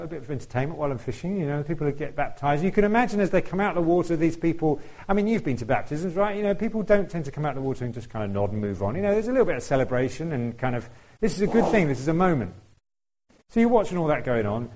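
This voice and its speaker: A man gives a relaxed, chatty sermon in a warm, mellow voice. He talks straight to the congregation and keeps putting questions to them. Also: mid-range voice, poor audio. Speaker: preacher. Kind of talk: conversational sermon.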